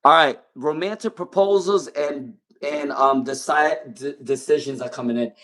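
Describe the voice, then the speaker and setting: A man's voice: a little high, normal speed, a bit bright. Chatty young man reading tarot live. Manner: chatty, repeats himself, bursts of laughter. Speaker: tarot reader hosting a live stream. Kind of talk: live-stream tarot reading, casual chat with viewers.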